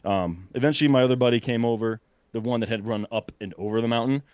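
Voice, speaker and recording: A young man casually telling a long story, animated and breathless, full of fillers and quick laughs. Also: medium pitch, smooth, no echo. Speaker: podcast guest telling a hunting story.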